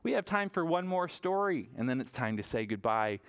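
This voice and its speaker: A man leading a virtual toddler story time as a children's librarian, talking in an animated, sing-song way to small children. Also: a little high, fairly quick, clean tone.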